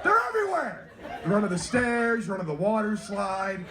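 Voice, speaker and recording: A man's voice: sits high, normal speed, over a noisy crowd, heavy background noise. A man from North Carolina doing clean stand-up on a cruise ship stage, teasing the audience and chatting with kids. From North Carolina, USA. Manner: animated, teasing audience banter. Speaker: stand-up comedian.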